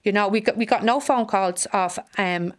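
A middle-aged Irish woman, a bereaved mother, giving halting personal testimony that repeats phrases as she relives a hard day. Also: medium pitch.

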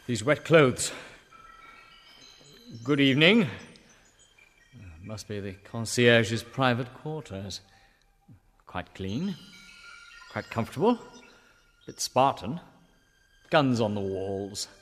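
An actor playing a polite, bemused young English gentleman traveler, talking to himself in a genteel, chatty way with an English accent. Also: medium pitch, animated, slow, pauses often, big-room sound. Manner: genteel, chatty inner monologue. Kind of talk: radio drama acting.

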